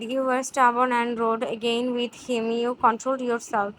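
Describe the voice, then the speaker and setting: A woman reading a fan fiction story aloud, halting with restarts and fillers. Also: a little high, flat delivery, slight background noise, poor audio. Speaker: narrator.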